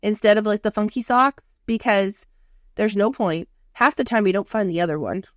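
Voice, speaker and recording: A woman's voice: medium pitch, normal speed, no echo. Dry-sounding woman chatting casually. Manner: chatty, swears freely, lots of "like". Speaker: podcast co-host. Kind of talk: casual chat. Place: lives in Canada.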